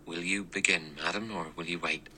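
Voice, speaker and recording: A man voicing an anxious, deferential middle-aged manservant who speaks in a low murmur. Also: steady tone, normal speed, sharp tone, slight background noise, poor audio.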